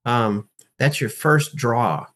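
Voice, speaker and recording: Here a slightly bright, mid-range male voice moves at an unhurried pace. The speaker, an acting and life coach appearing as an interview guest, chats casually but with animated emphasis, posing rhetorical questions to make his points.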